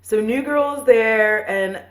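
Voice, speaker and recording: A woman in her thirties casually retelling a movie for a podcast, rambling and profane, with playful asides and quick voices for the characters. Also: fairly high pitch. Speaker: podcast host. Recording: roomy echo.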